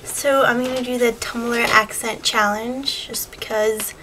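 A teenage girl chatting casually and slowly reading a list of words aloud at home. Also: a little high, fairly even intonation, pushed and bright, slight background noise, rough recording. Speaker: vlogger. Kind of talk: casual accent challenge reading.

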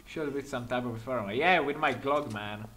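This gaming commentator, a man with a mid-range voice, narrates a let's-play at a moderate pace while playing a patrol cop. His English is non-native with small slips, and he's excitable, swearing and laughing a lot.

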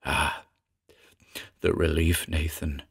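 A man's voice: medium pitch, animated, unhurried, gravelly, breathy edge, voice pushed up, full character voice. A man voicing a fevered, terrified male heir who raves wildly, then falls faint and broken. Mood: faint, spent.

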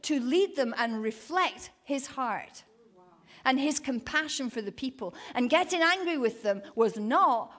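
A woman preaching a sermon at a women's event, telling Bible stories with lively, acted-out quotes. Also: high voice, a little slow. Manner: animated storytelling, acting out quoted voices. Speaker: women's ministry speaker. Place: event hall.

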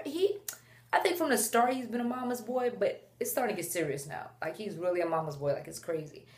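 A young woman chatting to the camera at home while holding her baby, animated and chatty, breaking off to talk to him. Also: mid-range voice. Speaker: mom vlogger. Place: at home indoors.

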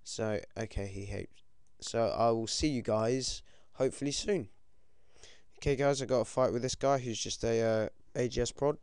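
Teen British male gamer, excitable and foul-mouthed, clean dry sound. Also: mid-range voice, moderate pace, clear, resonant tone, no echo. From United Kingdom. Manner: excitable, swears a lot, yelps when things go wrong. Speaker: gaming commentator. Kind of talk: casual game commentary.

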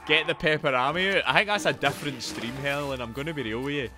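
A young man streaming a video game live, excitable, swearing often and chatting straight to his viewers. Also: a little high, fast talker, over music. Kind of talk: live gameplay commentary with chat.

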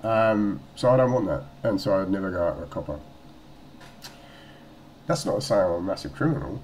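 A man's voice: low-pitched, lively intonation, brisk, a little mellow, slight background noise, poor audio. An Australian man telling a story casually in a vlog at home, rambling and swearing, with lots of fillers and restarts. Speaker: vlogger.

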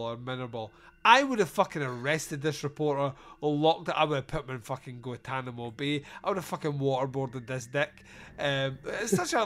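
A man hosting a casual comedic podcast, retelling film scenes with sarcastic, sweary asides. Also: a little high. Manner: sarcastic, sweary, animated storytelling. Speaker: podcast host reviewing a film.

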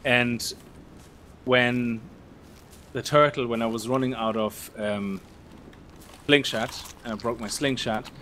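A man hosting a let's play, chatting casually and explaining game mechanics in a relaxed way. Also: medium pitch, slow pace, pauses often, a little hiss or hum. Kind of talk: casual gameplay chat.

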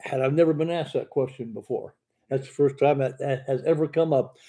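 Older preacher with a stammer. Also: male voice, medium pitch, steady tone, brisk, warm tone. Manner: stammers in speech, fluent when preaching. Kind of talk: sermon-style Bible Q&A.

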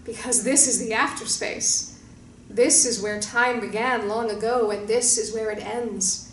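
A woman voicing a huge white male guardian creature who speaks slowly and proudly in a deep, booming way. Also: steady tone, a bit bright. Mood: calm proud. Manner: slow, booming, measured. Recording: roomy distant mic with faint hiss.

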